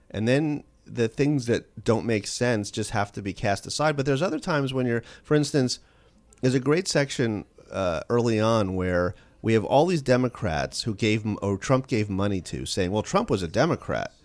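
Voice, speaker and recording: A man being interviewed as an author on a call-in radio show, telling stories in a quick, animated way with frequent restarts. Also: on the low side, no room sound. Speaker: author guest.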